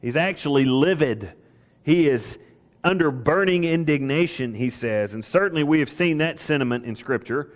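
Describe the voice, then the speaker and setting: A man's voice: fairly high pitch, lively intonation, moderate pace, in a large hall. A man preaching a sermon as pastor, talking with emphasis and asking his listeners rhetorical questions.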